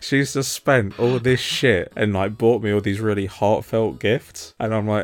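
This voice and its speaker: A British man in his thirties telling a sweary, animated story on a casual podcast, acting out what people said. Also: on the low side, a little slow, few pauses. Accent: British English. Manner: sweary, animated storyteller who acts out quotes.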